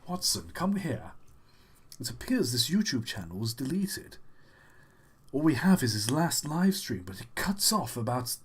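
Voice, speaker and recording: A man's voice: medium pitch, big pitch swings, a little slow, husky. A man playing Sherlock Holmes in a musing, theatrical way. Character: pompous male detective, Sherlock Holmes.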